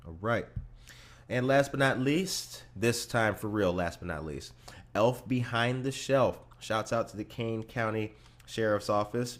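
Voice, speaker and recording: Low-voiced podcast host. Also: male voice. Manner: upbeat, giving shout-outs in a loose slangy way. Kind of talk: casual radio-style podcast chat.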